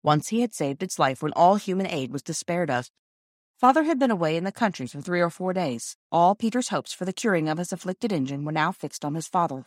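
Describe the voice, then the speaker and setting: An audiobook narrator reads a classic children's book from a script, in a measured, expressive storytelling style. Her voice is on the low side, and the studio-quality recording has no room sound.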